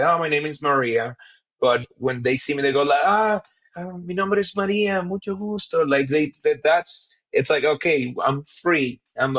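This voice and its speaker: A man's voice: mid-range voice, fairly bright tone, low-quality recording. Thoughtful comedian man from Venezuela. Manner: thoughtful, halting, many restarts. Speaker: comedian guest. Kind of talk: casual conversation.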